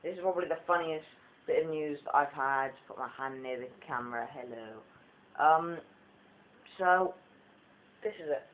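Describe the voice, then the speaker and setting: A man's voice: a little high, normal speed. Chatty teen boy with a breaking voice. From England. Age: teens. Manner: chatty, jokey, talks to his cat and viewers. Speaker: vlogger. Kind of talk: rambling casual vlog. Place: at home with his cat. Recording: tinny phone-like sound, faint noise.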